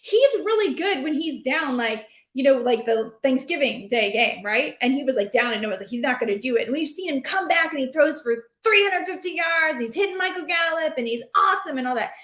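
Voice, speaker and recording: A woman chatting about fantasy football in an animated, rambling, playful way. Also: sits high, a little fast, few pauses. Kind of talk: casual sports chat. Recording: roomy echo.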